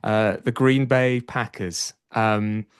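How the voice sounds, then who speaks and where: A man's voice: lowish voice, steady tone, slow, clear, resonant tone, dry recording, clean studio sound. A man hosting a podcast, chatting energetically with frequent fillers. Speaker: podcast host. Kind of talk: casual podcast interview.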